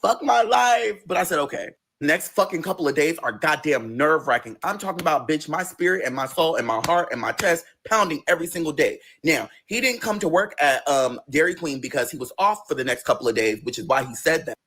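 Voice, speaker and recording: A man's voice: fairly high pitch, expressive, brisk, few pauses, bright, forceful tone, slightly rough. A man telling a personal story in a casual, profane and dramatic way, acting out the dialogue as he goes.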